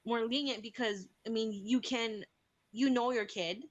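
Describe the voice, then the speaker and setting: A woman's voice: a little high, fairly even intonation, a little slow, dull audio. A woman hosting a casual chat, talking animatedly and acting out the voices of kids and parents. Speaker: host.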